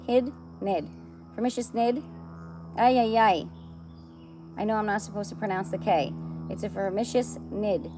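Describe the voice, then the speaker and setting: A woman reading aloud, voicing an excitable, shouting male chief of police in a storybook. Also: medium pitch, moderate pace, faint music behind, pitched above the performer's own voice, lightly acted. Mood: alarmed.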